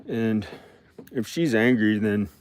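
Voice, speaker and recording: A man's voice: fairly low pitch, animated, slow. A man in his forties from the South, talking in a meandering casual vlog and often repeating himself and restarting. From American South. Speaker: vlogger. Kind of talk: rambling casual vlog monologue.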